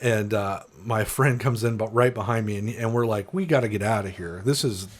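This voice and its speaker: A man's voice: fairly low pitch, fairly quick. A man, a podcast co-host, telling a long profane story in casual chat with friends and acting out the people in it.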